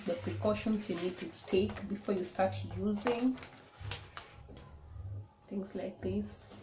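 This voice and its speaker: A woman, showing how to use a tool in a casual, step-by-step way. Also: mid-range voice. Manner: plain, step-by-step explaining. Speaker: DIY vlogger. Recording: echoey room with clear noise.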